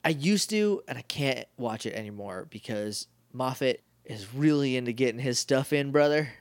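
A man's voice: mid-range voice, animated, moderate pace, clean tone, dry recording. A man co-hosting a podcast, chatting casually with a rambling, jokey manner and lots of fillers. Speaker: podcast co-host. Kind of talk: casual chat.

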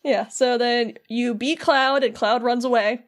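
A woman with a fairly high voice co-hosts a casual podcast. She retells a game's story in a lively way, often laughing between lines. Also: unhurried. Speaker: podcast co-host. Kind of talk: casual chat retelling a video game story.

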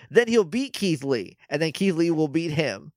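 Man, podcast co-host, casual chat, sarcastic, rambling, slightly high voice. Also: big pitch swings, normal speed, dry recording, clean studio sound. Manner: rambling, sarcastic, acts out quotes.

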